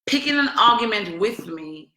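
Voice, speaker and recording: Woman, personal-testimony vlogger; emphatic, repetitive, chatty delivery; bright tone, echoey room. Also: medium pitch, animated, normal speed. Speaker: vlogger telling her own story. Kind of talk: emotional personal testimony to camera.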